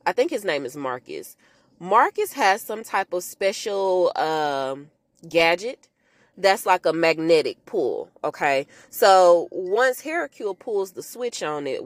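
Animated woman recapping a film. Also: lowish voice, dry recording. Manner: animated storytelling, talks to listeners as "y'all", acts out quotes in character voices. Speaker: podcast host recapping a film. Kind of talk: casual movie recap.

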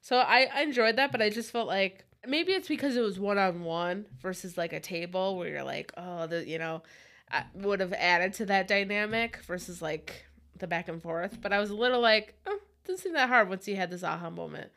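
A woman's voice: mid-range voice, moderate pace, fairly bright tone. A woman chatting loosely about a movie with a co-host, full of asides and filler words. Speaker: podcast co-host. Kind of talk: casual movie discussion.

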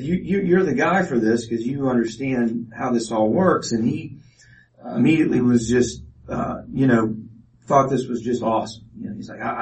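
A man giving an informal testimony talk to an audience, with many fillers and restarts. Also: mid-range voice. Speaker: speaker presenting a ministry project. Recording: voice from a distance off mic.

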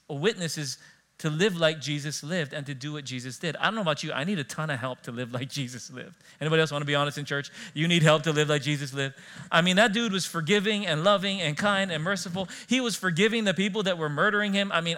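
A middle-aged pastor preaches in a quick, bright voice that sits a little high for a man. He talks to the congregation in an animated, conversational way, full of stories and asides. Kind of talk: sermon. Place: church.

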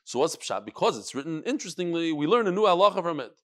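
Animated man teaching a Talmud class. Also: on the high side, racing. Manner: animated, sing-song study cadence mixing Hebrew and Yiddish terms.

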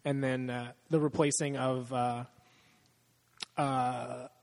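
A man of middle pitch rambles through a casual talk about films, swearing freely and laughing at his own jokes. His voice sits at an ordinary height, loose and unpolished. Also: level tone, slow, gravelly, darkish tone, in a large hall. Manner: profane, rambling, laughs often. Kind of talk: casual chat about movies.

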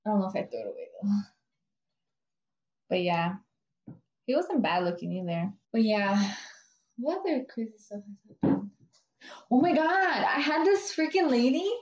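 A young woman telling a story in casual chat, animated, swearing a lot and acting out quotes. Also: on the high side, moderate pace, pauses often. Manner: animated, swearing, lots of "I'm like" quoting. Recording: dull, roomy recording.

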